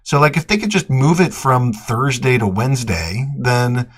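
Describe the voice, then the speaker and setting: A man's voice: mid-range voice, expressive, moderate pace, crowd noise. An American man hosting an internet talk show, chatting in a rambling, teasing way and often restarting his sentences. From United States. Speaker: host. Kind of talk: casual chat.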